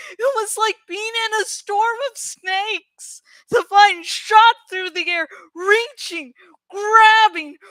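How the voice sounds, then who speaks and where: A woman's voice: very high-pitched, bright, forceful tone, dry recording, rough recording. A woman reading a novel aloud with dramatic, emphatic narration. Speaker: audiobook reader.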